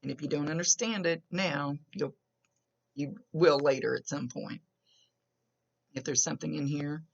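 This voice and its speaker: A woman psychic medium talks her way through a reading in a loose, rambling style, and often stops and restarts her sentences. Her voice is gravelly with vocal fry, and she has a smoker's cough. The recording sounds dull and lo-fi. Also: sits low, moderate pace. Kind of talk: casual spoken reading to a client.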